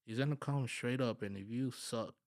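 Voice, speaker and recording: Slangy, animated man from Dallas. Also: medium pitch, normal speed, no room sound, clean studio sound. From Dallas, Texas. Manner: animated, slangy, acts out dialogue with workers; mixes in Spanish phrases. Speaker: podcast guest, construction business owner. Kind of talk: casual conversational storytelling.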